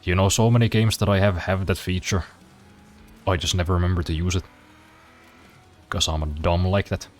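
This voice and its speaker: A man's voice: low-pitched, fairly even intonation, moderate pace, long pauses, soft background music. A man streaming a racing game, chatting casually with dry, self-deprecating humor and casual swearing. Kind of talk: casual gameplay commentary.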